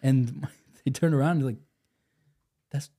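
A man's voice: mid-range voice, normal speed, a little mellow. A young man from Georgia co-hosting a casual comedy podcast, laughing often and acting out stories in quoted voices. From Georgia, USA. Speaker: podcast co-host.

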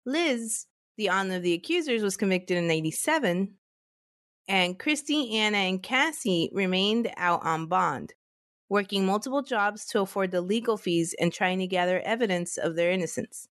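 A woman's voice: medium pitch, lively intonation, normal speed, fairly bright tone, dry recording. Woman podcast co-host, casual, laughs a lot, dry close mic. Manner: laughs often, recaps case facts. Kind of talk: casual chat and case recap.

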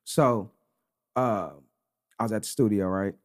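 A man's voice: lowish voice, measured pace. A young adult man co-hosting a podcast, telling a story in slangy casual chat and saying "bro" often. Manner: slangy, animated anecdote telling with repeated "bro". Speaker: podcast co-host.

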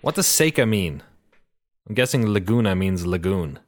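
A man's voice: low voice, animated, normal speed. A man co-hosting a podcast in casual chat, making wry, sarcastic asides and laughing often. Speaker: podcast co-host.

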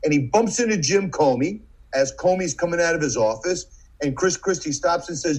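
A man's voice: a little high, normal speed, husky, low-quality recording. A middle-aged man from the United States, a podcast guest telling a vivid anecdote and acting out the quoted lines. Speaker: podcast guest, former FBI agent. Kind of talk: storytelling in conversation.

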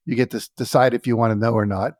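A man's voice: mid-range voice, steady tone, very fast, a little mellow, no room sound. Male podcast host, eager interviewer, mid-range voice, dead-dry recording. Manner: enthusiastic, retells stories. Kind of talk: conversational interview.

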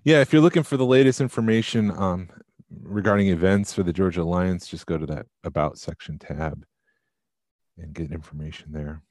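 Deep-voiced tired man co-hosting a podcast. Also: brisk, dry recording, clean studio sound. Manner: relaxed, rambling, with fillers. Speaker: podcast co-host. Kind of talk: casual podcast chat.

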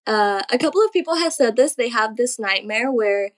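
A woman's voice: a little high, animated, moderate pace. A young woman, a pro wrestler, tells stories in an interview with a giggly manner, sprinkling her speech with "like". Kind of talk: casual interview storytelling.

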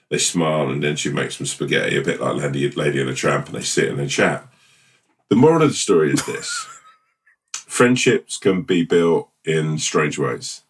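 A man co-hosting a podcast, chatting casually and telling a rambling, playful made-up story with halting restarts. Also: very deep voice, recorded from a distance. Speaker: podcast co-host. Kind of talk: casual chat and improvised storytelling.

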